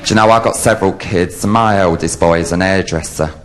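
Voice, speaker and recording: A man in drag, telling bawdy stand-up jokes on a theatre stage with brash, lively delivery. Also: deep voice, fairly quick, a crowd in the background. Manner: brash, lively storytelling with sudden loud outbursts. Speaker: drag comedian. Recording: live theatre audience, faint hiss.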